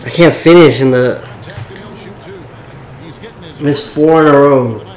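A man talks through his own game in a loose, excitable way, swearing and calling for the ball. His voice sits at an ordinary middle pitch. The room around him adds a noticeable echo. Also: takes it slowly, faint music behind. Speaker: gaming YouTuber. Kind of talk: casual gameplay commentary.

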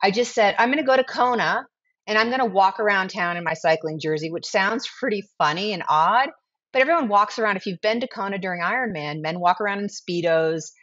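A woman's voice: medium pitch, fairly quick. Brief: woman in her 40s, chatty storyteller guest, acts out quotes, slightly dull lo-fi audio. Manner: animated, acts out quoted dialogue. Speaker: guest, brand founder. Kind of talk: casual storytelling interview.

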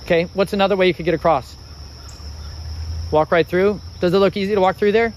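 A man's voice: sits high, brisk, slight background noise, low-quality recording. A man reading and explaining Bible passages to his family in a casual way. He keeps stopping to chat with his children. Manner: animated, chatty, breaks off to talk to his children. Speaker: father teaching scripture.

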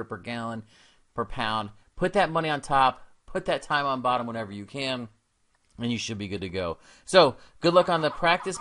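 A man's voice: medium pitch, pushed and bright. Upbeat casual male math teacher. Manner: upbeat, casual and encouraging, with slangy asides. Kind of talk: video math lesson.

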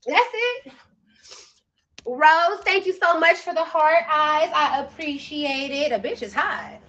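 Young woman, livestream host: high, bright and sharp voice, brash and teasing, laughs a lot. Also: expressive, takes it slowly, highs cut off. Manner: loud, brash and joking, laughs often. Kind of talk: casual livestream chat with viewers.

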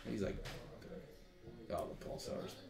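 A man's voice: unhurried, music in the background. A man hosting a live card break, rattling off card names and joking with others. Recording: echoey room with crowd noise.

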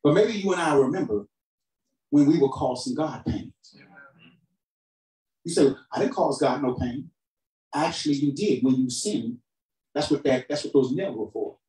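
A man preaching a sermon as pastor, calling for responses from the congregation and swinging between shouted emphasis and quiet, low asides. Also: expressive, normal speed, pauses often. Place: church hall. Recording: roomy hall sound from a distant mic.

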